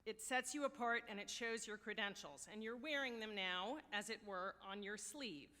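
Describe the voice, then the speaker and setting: An American woman, a university official, giving a wry, measured ceremonial address at a podium in a large hall. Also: medium pitch, bright, forceful tone. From United States. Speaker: university deputy provost. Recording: long hall reverb.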